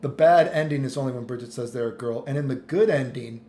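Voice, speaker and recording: A man's voice: mid-range voice, quick pace, mellow. Exasperated ranting man, echoey room. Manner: exasperated, stammering restarts, swearing. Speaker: commentary vlogger. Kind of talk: casual ranting commentary. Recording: echoey room, faint noise.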